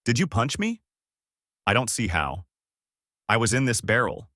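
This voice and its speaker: A man playing a good-natured young fighter in a fan-made audio story, relaxed and friendly, his voice only lightly lifted. The recording is dry and close. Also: mid-range voice, unhurried, no echo, heavily acted. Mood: easygoing. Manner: easygoing, friendly. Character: cheerful carefree young male fighter.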